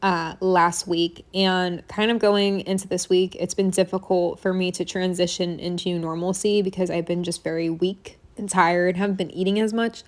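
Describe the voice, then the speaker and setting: A woman's voice: on the low side, fairly even intonation, moderate pace, few pauses. A young woman talks through her makeup steps in a loose, rambling voice-over recorded at home. She fills gaps with "like" and "um", wanders into side stories, and sounds a little short of breath. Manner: chatty, rambling, frequent fillers and asides. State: slightly out of breath. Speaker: makeup vlogger. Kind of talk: casual voice-over tutorial. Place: home apartment room.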